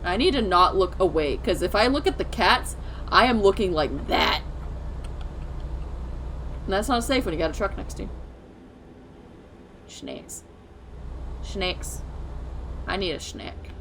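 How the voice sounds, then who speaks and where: A woman's voice: mid-range voice, expressive, a little fast, a bit bright. A woman live-streaming a driving game, chatting casually and talking back to the traffic and her chat. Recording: clear vehicle noise from the game. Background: truck engine and road noise from the game.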